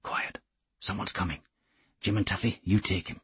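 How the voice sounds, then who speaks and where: A man voicing a burly, gruff commando who gives low, curt, matter-of-fact orders. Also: fairly even intonation, normal speed, fairly bright tone, no echo, heavily acted.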